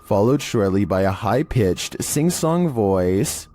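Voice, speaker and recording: A man narrating creepy internet videos in a steady, monotone scripted delivery. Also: lowish voice, slow, slight background noise.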